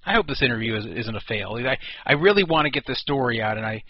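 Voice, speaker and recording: A man's voice: medium pitch, expressive, fast talker, slightly rough, dry recording. A man hosting his own internet radio show alone, talking casually and rambling with restarts and self-deprecating asides. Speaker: host. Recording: dull lo-fi dry sound.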